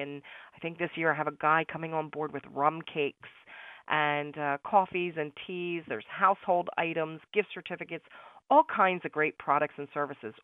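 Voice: mid-range voice, clean tone, no echo. A radio host promoting a barter network in an upbeat, salesy and chatty way, sometimes correcting themself mid-sentence. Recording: tinny phone-like radio sound, dry.

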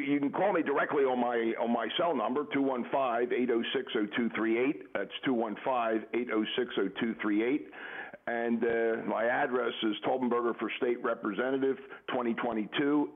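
Older man on a tinny phone line. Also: mid-range voice. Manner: hesitant, many uhs. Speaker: political candidate calling in.

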